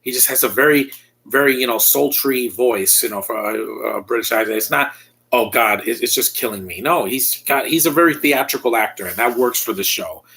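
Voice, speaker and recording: A man's voice: mid-range voice, fairly quick, creaky, bright, forceful tone, husky. A man giving a casual spoken review as a YouTube channel host. He talks bluntly, rambles and often restarts his sentences.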